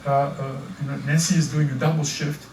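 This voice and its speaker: An older man with a French accent preaches in a high voice, tripping over his words and repeating them as he builds his points. He is heard from a distance in an echoey church hall, with a faint hiss of room noise. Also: a little fast. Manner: repeats words, stammering restarts, animated. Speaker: pastor. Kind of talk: sermon.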